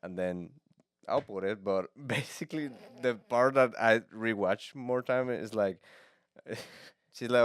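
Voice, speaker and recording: A man hosting a podcast, interviewing a guest in a playful, teasing way with halting restarts. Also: on the low side, smooth, dry recording. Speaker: podcast host. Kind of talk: casual interview chat.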